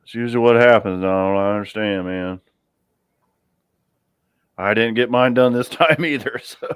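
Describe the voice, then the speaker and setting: A man's voice: lowish voice, moderate pace, clean tone, no echo, clean studio sound. A man hosting a live chat from his garage, easygoing, chuckling often and trailing off mid-sentence. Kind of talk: casual chat.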